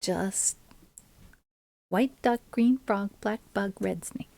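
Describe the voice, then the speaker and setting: A woman's voice: mid-range voice, takes it slowly, gravelly, mellow. A woman music streamer chatting casually and playfully with her live viewers between songs. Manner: playful, chatty, talking straight to her audience. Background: her own ukulele.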